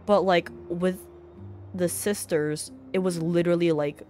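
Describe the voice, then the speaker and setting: Chatty woman streamer, slow and low. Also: fairly even intonation, soft background music. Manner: chatty, full of "like", reacting out loud. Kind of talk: casual reaction commentary.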